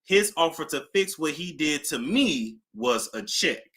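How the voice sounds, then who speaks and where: A woman hosting a casual celebrity gossip talk, animated, with nervous laughter and dramatic gasps. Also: low-pitched, unhurried.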